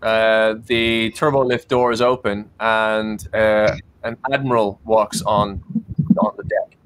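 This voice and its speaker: A man's voice: fairly low pitch, flat delivery, slow pace, a bit bright, clear, resonant tone. A man narrating as game master for a tabletop role-playing game, with many ums and restarts.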